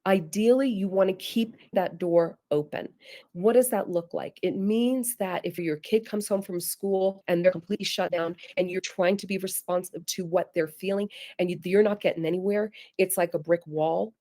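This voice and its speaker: A middle-aged woman teaching a webinar, her voice sitting a little low for a woman. She coaxes and urges, leaning on repeated points to drive them home. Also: steady tone, moderate pace, warm tone. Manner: earnest, coaxing, emphatic repetition. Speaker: parenting webinar presenter. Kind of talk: instructive webinar talk.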